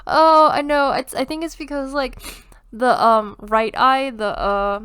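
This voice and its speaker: A woman's voice: high voice, a little slow, a bit bright, smooth, no room sound. A young woman with a congested voice casually talking through her drawing process, rambling with lots of fillers and little laughs. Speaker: art youtuber. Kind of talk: casual drawing tutorial commentary.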